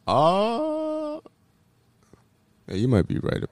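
A man talking in casual chat, animated and swearing freely, acting out quotes with sudden jumps in pitch. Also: extremely slow, no room sound.

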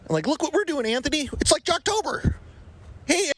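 A breathless man rants in a mocking tone. His voice sits high and swings widely as he goes. He sounds winded throughout. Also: expressive, moderate pace, a bit bright. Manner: ranting, mocking.

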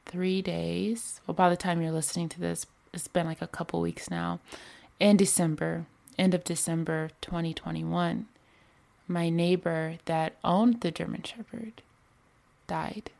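A woman's voice: on the low side, little pitch movement, takes it slowly, creaky, darkish tone. A woman hosting a podcast, talking in a rambling, casual way with many fillers. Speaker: podcast host. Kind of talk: casual spiritual podcast monologue.

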